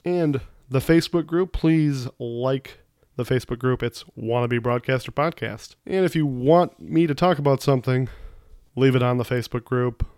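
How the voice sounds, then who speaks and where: A man's voice: medium pitch, darkish tone, clean tone, dry recording, studio quality. A young man hosting his own podcast, chatting loosely and rambling, correcting himself as he goes. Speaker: podcast host. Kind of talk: casual solo podcast chat.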